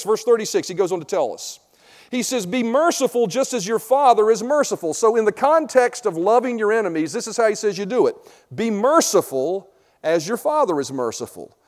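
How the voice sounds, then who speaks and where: A male pastor with a high voice delivers a conversational sermon in a big hall that rings with long reverb. He keeps tagging his points with "right?", swinging from loud, stressed lines down to soft, low asides. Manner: conversational preaching, asks "right?" after many points.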